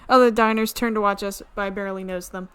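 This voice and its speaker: A woman streamer reading a visual novel aloud, amused and quick to laugh. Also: mid-range voice, fairly even intonation, fairly bright tone, slight background noise. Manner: amused, reads with frequent laughs.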